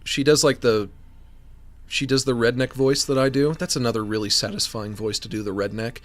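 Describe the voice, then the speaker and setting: A man chatting on a gaming stream, rambling in a goofy, animated way at a desk microphone. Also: medium pitch, a little fast, faint music behind. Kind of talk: casual gaming stream chat.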